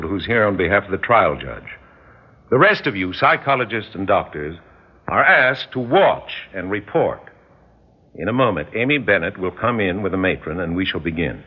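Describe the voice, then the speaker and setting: A probing psychologist, husky, low, lively pitch, persuasive, old radio drama, dull lo-fi sound. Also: male voice, full character voice. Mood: formal. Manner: intense and persuasive. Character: insistent, probing male psychologist. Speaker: doctor and hypnotist. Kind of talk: 1950s radio drama acting.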